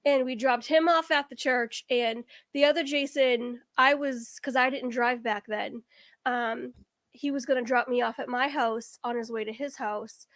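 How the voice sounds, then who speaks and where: A woman's voice: on the high side, fairly even intonation, measured pace, a bit bright, no room sound, clean studio sound. A woman guest on a casual game-show chat, telling a long, winding story. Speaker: guest contestant.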